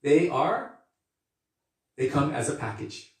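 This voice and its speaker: A man's voice: on the high side, big pitch swings, a little mellow. Earnest man lecturing in an echoey space. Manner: earnest, unhurried, repeats phrases for emphasis. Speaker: spiritual teacher. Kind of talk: devotional lecture. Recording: echoey and distant from the mic.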